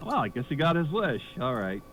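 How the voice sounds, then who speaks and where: A man telling a stand-up joke as a lively storyteller. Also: mid-range voice, brisk, very noisy. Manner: lively storyteller, laughs at own punchline. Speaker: comedian telling a joke, then handing to next act.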